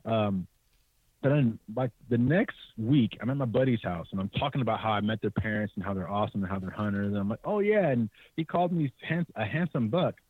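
A man's voice: brisk, breathy edge, no room sound. A young man from California telling hunting stories, acting out other people's lines in a raised voice and laughing often. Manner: animated, acts out quotes in a higher voice, laughs often. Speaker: podcast guest, hunter. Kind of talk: casual storytelling. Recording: tinny, dry remote call audio.

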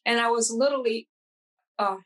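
A woman's voice: on the high side, rough recording. Earnest woman telling her story. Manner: earnest and halting, with frequent restarts and fillers; animated, acts out dialogue in quoted voices. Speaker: hairstylist guest. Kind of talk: emotional personal storytelling in an interview.

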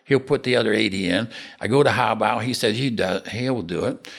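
A man's voice: fairly low pitch, fairly quick, creaky. An older man, a developer and podcast guest, telling rambling stories of his career and acting out old conversations. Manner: rambling anecdotes, acts out dialogue. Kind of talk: casual storytelling interview.

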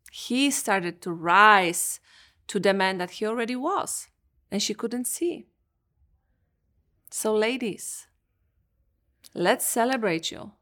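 A woman's voice: mid-range voice, fairly bright tone. A woman hosting a podcast, giving an earnest, emphatic motivational talk as a coach and acting out her clients' words.

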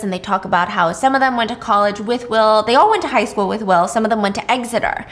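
A woman casually retelling a thriller's plot, animated and chatty, with frequent asides and the odd swear word. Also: medium pitch, fast. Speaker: storyteller host. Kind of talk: casual storytime recap of a thriller.

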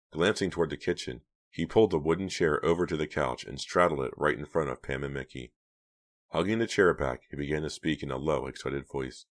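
A man with an extremely deep voice narrates a novel for an audiobook. He reads steadily, in a storytelling way. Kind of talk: scripted narration.

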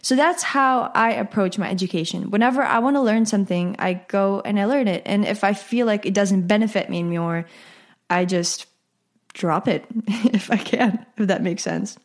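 A teenage girl hosts her own podcast, chatting solo in a casual, rambling way full of asides and self-corrections. Her voice is medium in pitch and her pace is moderate.

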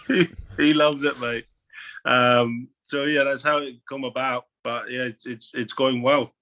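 A man's voice: medium pitch, steady tone, takes it slowly, sharp tone, slight background noise. A man from Samoa with a Leicester accent, a guest chatting easily on a podcast and laughing often. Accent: Leicester English. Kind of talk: casual chat.

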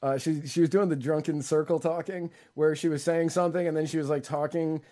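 A man's voice: fairly high pitch, fairly even intonation, brisk, warm tone. A man co-hosting a casual political podcast, talking sarcastically and in rambling runs. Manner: sarcastic, rambling, laughs often. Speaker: co-host.

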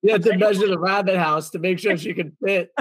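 A man's voice: sits high, fairly even intonation, brisk, husky, no echo. A man hosting a casual interview, giving short amused reactions. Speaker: host.

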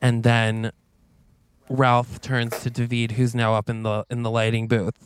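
A man's voice: mid-range voice, completely flat delivery, unhurried, slight background noise. A man co-hosting a podcast, telling an improvised story in casual chat and acting out the dialogue. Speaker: podcast co-host.

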